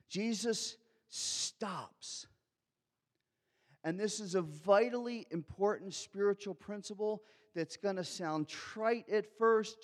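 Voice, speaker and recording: A pastor with a notably high voice preaches from the pulpit, acting out scripture quotes and swinging between loud, urgent lines and near-whispers. A long reverb trails his words through the sanctuary.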